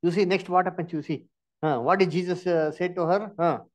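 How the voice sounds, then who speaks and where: A man's voice: high-pitched, fairly even intonation, fairly quick. Emphatic Indian man quizzing a student. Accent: Indian English. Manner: questioning, emphatic, prompts with "huh?". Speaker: Bible study teacher. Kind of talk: interactive Bible lesson.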